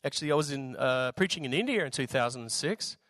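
A man with an Australian accent and a slightly raspy voice, preaching a sermon in a relaxed, jokey way with lots of fillers. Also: mid-range voice, fast talker, no echo. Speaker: visiting preacher.

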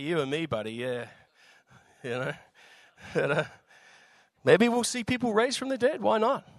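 A man with an Australian accent and a slightly raspy voice, preaching a sermon in a relaxed, jokey way with lots of fillers. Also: a little high, no echo. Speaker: visiting preacher.

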